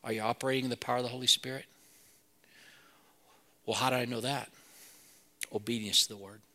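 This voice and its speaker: A man's voice: mid-range voice, steady tone, a little fast, bright, forceful tone. A man preaching a sermon as pastor, earnest and building to emphatic peaks.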